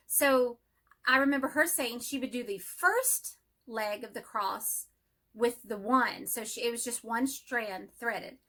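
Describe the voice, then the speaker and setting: A woman chatting excitedly about her cross-stitch projects in a casual home vlog, speeding up when enthusiastic. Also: a little high, measured pace. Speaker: cross-stitch vlogger and teacher. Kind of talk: casual show-and-tell vlog.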